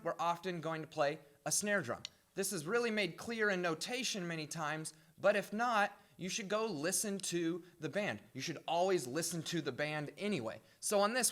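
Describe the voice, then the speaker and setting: A man's voice: sits high, a bit bright. A man, a music professor, giving a patient instructional drum set lesson in a practice room. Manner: clear, patient explaining with sung drum patterns.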